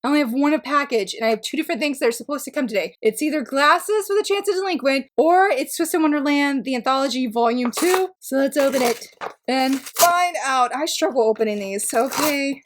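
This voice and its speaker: A young woman talking to camera about her reading in a chatty vlog. Her voice sits high and gets animated and emotional as she goes. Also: brisk, noisy background. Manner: animated, emotional, squeals with excitement. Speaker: manga reviewer. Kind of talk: casual vlog chat.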